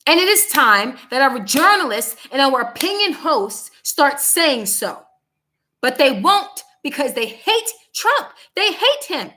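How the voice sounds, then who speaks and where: A young woman hosts her own show in a heated political monologue. Her voice sits high and bright, and she speaks bluntly, repeating lines for emphasis. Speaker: host of a commentary show. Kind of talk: angry political commentary monologue.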